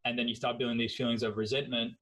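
A man with an Australian accent hosting a podcast, talking in a relaxed, conversational way and swearing casually. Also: mid-range voice, fast, poor audio. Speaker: podcast host.

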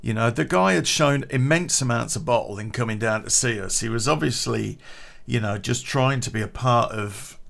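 A man's voice: mid-range voice, normal speed, creaky, a bit bright. A man telling a casual anecdote, chatty, swearing freely and laughing at his own story.

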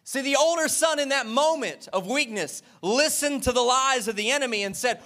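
High-voiced preaching male pastor. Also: lively intonation, fairly quick, hardly any pauses, pushed and bright. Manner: impassioned preaching with emphatic repetition; talks directly to the congregation. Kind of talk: sermon.

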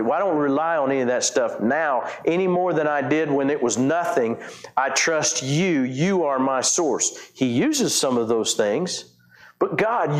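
A man's voice: mid-range voice, echoey room. A pastor preaching a conversational sermon, retelling scripture in his own words with frequent restarts.

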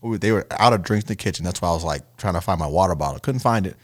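A man chatting casually with friends, telling stories in an animated way and swearing freely. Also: low voice, very fast, no room sound, studio quality. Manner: animated storyteller, swears freely, bursts into loud laughter. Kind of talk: casual chat among friends.

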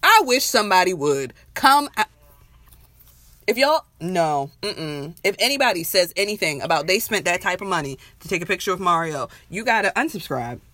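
A woman's voice: fairly low pitch, big pitch swings, moderate pace, sharp tone, no echo. A woman in her thirties co-hosting a podcast, ranting bluntly in casual slang. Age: 30s. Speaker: podcast co-host. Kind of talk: casual chat.

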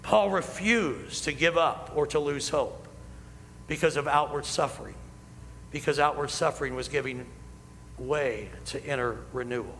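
A man preaching a sermon as pastor, building emphasis and slowing down on key lines. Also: a little high, fairly bright tone, a little hiss or hum. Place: church sanctuary. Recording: hall reverb, faint ambience.

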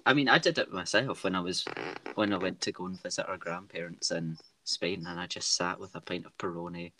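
A man's voice: low-pitched, fairly even intonation, fairly quick, pushed and bright. A young man with a Scottish accent, co-hosting a podcast. He chats with enthusiasm and steers the conversation. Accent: Scottish, west of Scotland. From Scotland. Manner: enthusiastic, keeps the talk on track. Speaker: podcast co-host. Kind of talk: casual chat.

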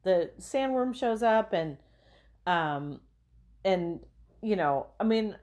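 A woman co-hosting a podcast, chatting casually about a film with frequent fillers and quick laughs. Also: mid-range voice, expressive, darkish tone. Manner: chatty, lots of fillers and swearing, laughs often. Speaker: podcast co-host.

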